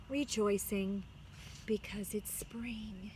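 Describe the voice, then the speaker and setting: A woman, a music teacher, reading a picture book aloud to her students outdoors and pausing to explain words to the children. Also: mid-range voice, animated, a bit bright, husky. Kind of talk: storybook read-aloud. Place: outdoors on a chilly day.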